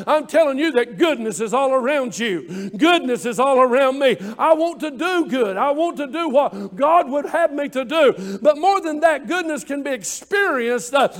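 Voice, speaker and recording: A man preaching an evening sermon in a folksy way, stretching key words and building to loud exclamations. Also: very high-pitched.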